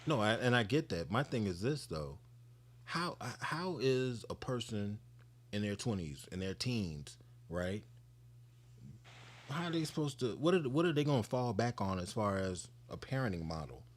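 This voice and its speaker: Low-voiced, earnest man in casual talk. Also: big pitch swings, normal speed. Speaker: regular co-host. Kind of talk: casual chat.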